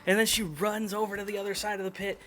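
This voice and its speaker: A man's voice: high voice, flat delivery, fast, heavy background noise. A man narrating as game master in a loose, laid-back way, with fillers and chuckles.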